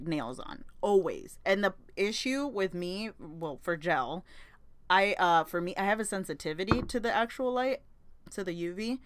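A woman's voice: fairly low pitch, dry recording. A young woman hosting a podcast, chatting in a rambling, casual way, swearing freely and laughing often. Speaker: podcast host. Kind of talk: casual chat.

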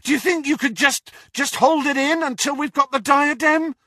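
A man's voice: very high-pitched, bright, forceful tone, no echo, studio quality, pitched above the performer's own voice. A man doing an urgent teenage hero. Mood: shouting. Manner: fast, urgent.

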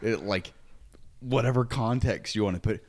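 A man's voice: on the low side, moderate pace, a little mellow. A man hosting a podcast in casual chat, easygoing, with joking asides and short agreements. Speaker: podcast host.

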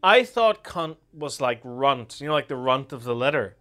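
A man's voice: medium pitch, expressive, normal speed, fairly bright tone. An Irish man chatting casually, swearing freely, laughing often and acting out voices in his stories. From Ireland. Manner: crude, laughing, acts out voices in anecdotes. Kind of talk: casual chat.

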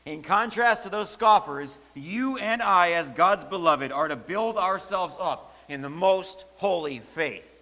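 A man's voice: high voice, animated, a little slow, hardly any pauses, pushed and bright. A man preaching a sermon, emphatic and repeating key phrases for stress. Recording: long hall reverb.

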